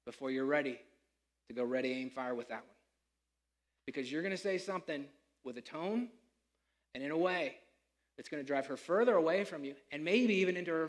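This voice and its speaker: Man, pastor, sermon, high voice, animated delivery, acts out voices. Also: moderate pace, long pauses. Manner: animated preaching, acts out quoted speakers.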